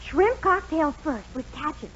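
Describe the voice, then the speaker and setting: A woman's voice: high-pitched, animated, unhurried, fairly bright tone, a little hiss or hum. An actress playing a chatty, sweet teenage girl who gushes and talks over others, in 1940s radio comedy acting. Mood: gushing. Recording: dull 1940s radio broadcast.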